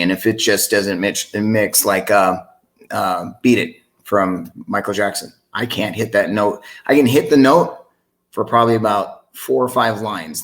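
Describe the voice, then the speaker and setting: Low-voiced man telling a lively story. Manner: animated, acts out the voices in the story he tells. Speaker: singer and sound engineer. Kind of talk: casual storytelling in a podcast interview.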